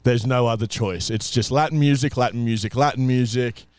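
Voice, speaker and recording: A man's voice: mid-range voice, fairly quick, no room sound. Laid-back young man chiming in. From Australia. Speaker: podcast co-host. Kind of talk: casual travel chat.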